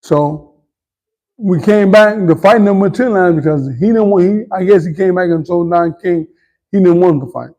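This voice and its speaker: Ex-boxer guest, man, middle-aged, gravelly and dark, boastful, swears, looks back with regret. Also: high voice, normal speed. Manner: candid, boastful then regretful, swears freely. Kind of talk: storytelling interview.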